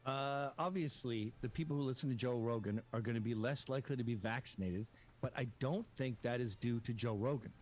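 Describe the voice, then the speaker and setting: A man's voice: medium pitch, a little fast, slight background noise. A man in his fifties arguing in a heated debate, combative and swearing, his voice rising as he gets riled. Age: 50s.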